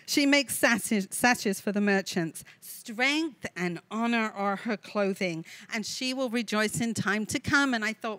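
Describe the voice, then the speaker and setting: A woman's voice: medium pitch, fairly bright tone, no room sound. Woman, Bible devotional teacher, earnest, dry close sound. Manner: earnest, reads scripture aloud with asides. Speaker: women's ministry leader. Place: online video session with a co-host.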